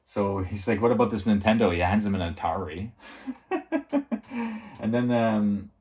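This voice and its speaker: A man's voice: lowish voice, moderate pace, darkish tone. A man reviewing a TV episode in a casual, rambling recap, full of filler words and chuckles. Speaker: TV show reviewer.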